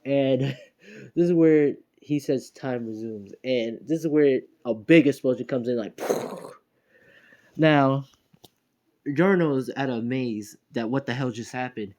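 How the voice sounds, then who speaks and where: A man's voice: medium pitch, takes it slowly, a little mellow. A man casually retelling a fan story, rambling along with fillers and little chuckles.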